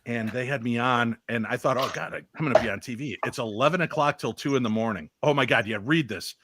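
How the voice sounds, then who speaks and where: A man co-hosting a casual podcast, telling a story in a dry, deadpan way. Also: medium pitch, fast talker, background noise.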